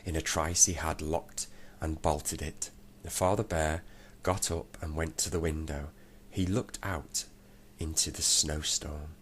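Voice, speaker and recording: A man reading a children's storybook aloud, steady and unhurried. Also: very deep voice, a little hiss or hum.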